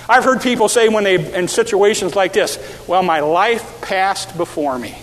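A middle-aged man preaching a sermon, telling stories and acting out quotes, rising to shouted peaks. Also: high voice. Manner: storytelling, acts out quotes, builds to shouted peaks. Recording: reverberant hall.

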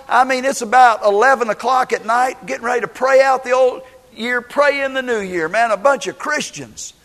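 A middle-aged man preaching a sermon, telling personal stories in an animated way and acting out the quotes. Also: extremely high pitch, moderate pace. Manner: animated storytelling, acts out quotes. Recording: long hall reverb.

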